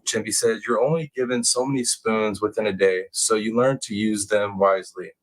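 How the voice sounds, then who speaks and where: A man hosting a casual true crime livestream, reading chat comments aloud and bursting into excited, high-pitched exclamations. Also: normal speed, rough recording. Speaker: livestream host.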